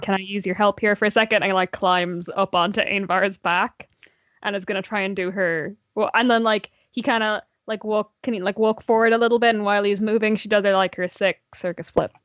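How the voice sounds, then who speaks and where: A woman's voice: medium pitch, fairly even intonation, fairly bright tone, no room sound. Teasing Irish woman, dry lo-fi sound. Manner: teasing, quick-witted. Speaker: guest player. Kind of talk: casual tabletop game chat. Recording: dry, dull lo-fi audio.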